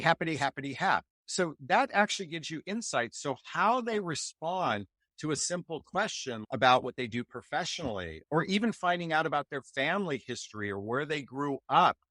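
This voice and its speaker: An animated, enthusiastic man from the United States, a relationship coach talking as a guest in a podcast interview and acting out example replies. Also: a little high, dry recording.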